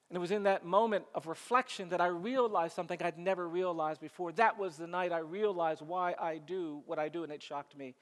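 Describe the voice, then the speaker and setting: A man giving a storytelling speech on a conference stage, in slow phrases that he repeats, building to a rousing close. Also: high voice, fairly bright tone. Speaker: keynote speaker. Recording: live speech in a large reverberant hall.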